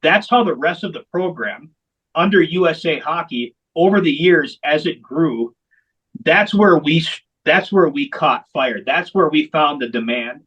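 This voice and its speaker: A man's voice: fairly high pitch, animated, unhurried, a bit bright, husky, muffled recording. A man who founded a veterans hockey program, telling its story in an interview with candid, emphatic repetition. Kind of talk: long-form interview storytelling.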